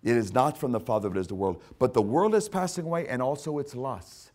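A man preaching a sermon, fervent and repetitive, who swings from hushed asides to loud emphatic lines and calls his listeners "my friend.". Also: mid-range voice, brisk. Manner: speaks directly to listeners as "my friend".

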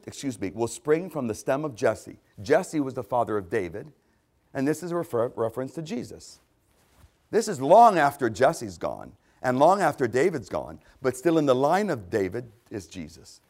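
A middle-aged man preaching a sermon, repeating key phrases and swinging between loud declarations and hushed asides. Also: mid-range voice, lively intonation, moderate pace.

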